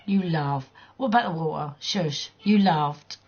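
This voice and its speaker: A woman's voice: low voice, unhurried, few pauses, a little mellow, breathy edge, lo-fi sound. A woman livestreaming a game, chatting casually with viewers in a blunt, teasing way, swearing freely and laughing often. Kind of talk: casual chat while gaming.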